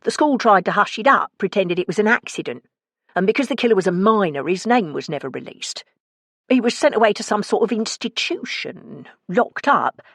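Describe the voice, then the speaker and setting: A woman's voice: mid-range voice, expressive, moderate pace, breathy edge, no room sound, studio quality, pitched above the performer's own voice. A woman voicing Ricky, a wry, teasing man with a blunt way of talking, in an audiobook. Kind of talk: audiobook character voice.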